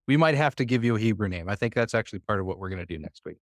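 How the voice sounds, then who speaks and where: A man's voice: on the low side, no echo, studio quality. A man teaching a live Hebrew lesson to a church class, patient and full of "uh" fillers as he quizzes his students.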